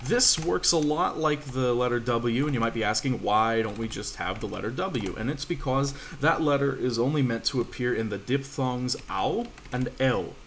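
A man with a medium-pitched, slightly bright voice speaks at a moderate pace with hardly any pauses, and there's slight background noise. He's teaching a language class over an online voice call from a room at home. His manner is casual and reassuring, full of fillers and restarts.

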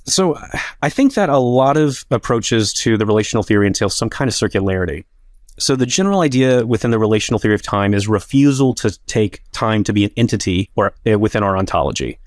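A man's voice: lowish voice, lively intonation, fast talker, darkish tone, no echo, studio quality. A man making a philosophical case in a debate, talking casually with many filler words. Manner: casual, filler-heavy with frequent "like". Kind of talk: academic debate argument.

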